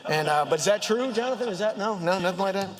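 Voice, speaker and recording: A Southern man with a highish, squeaky voice gives a joking speech from the floor of a legislative chamber. He talks haltingly, full of "uh" and "um", and long reverb trails after his words. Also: expressive. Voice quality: high, squeaky voice. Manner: halting, many fillers, joking. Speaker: state legislator introducing a colleague. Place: state house chamber.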